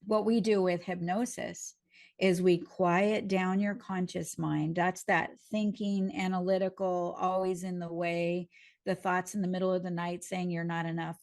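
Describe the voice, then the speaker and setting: A woman who is a healing teacher and hypnotherapist, explaining a training lesson calmly with homely images. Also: on the low side, creaky.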